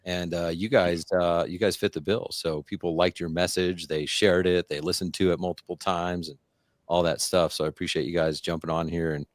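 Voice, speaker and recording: Male podcast host, deep voice, dry sound, candid, halting delivery. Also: fairly even intonation, no room sound. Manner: candid, halting with repeated words. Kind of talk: casual chat.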